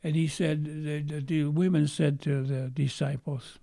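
In a dry, close recording free of room sound, a man tells a story as a sermon, dramatically voicing its quotes and sinking to whispers where it turns sad. His voice is gravelly and mellow yet fairly high, with a flat delivery and a measured pace that lingers on each phrase.

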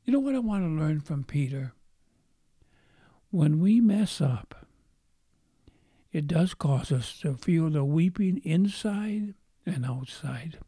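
A man's voice: on the high side, lively intonation, takes it slowly, pauses often, dark tone, husky, no room sound, clean studio sound. A man preaching a sermon, telling a story with dramatic turns and falling into whispers. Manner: dramatic, acts out quotes, drops to whispers.

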